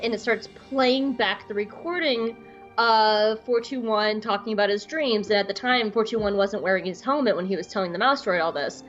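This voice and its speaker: A woman co-hosting a podcast, telling a story in a casual, excitable, gushing way. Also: fairly high pitch, lo-fi sound. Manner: excitable, gushing, breaks into squeals. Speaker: podcast co-host.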